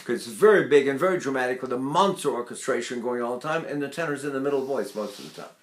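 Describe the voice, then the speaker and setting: A man's voice: medium pitch, animated, fast talker, roomy sound. A man in his eighties teaching vocal technique, breaking into sung syllables to demonstrate. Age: 80s.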